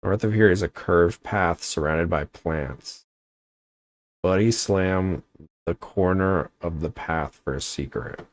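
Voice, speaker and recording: A young man chats casually while streaming a game, rambling, joking, and often cutting himself off. His voice sits low and he speaks slowly.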